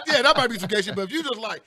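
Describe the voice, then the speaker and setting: Male radio co-host, quick and high, stammering, playful slang, bright tone. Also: dry recording, clean studio sound. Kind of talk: casual banter on a live radio talk show.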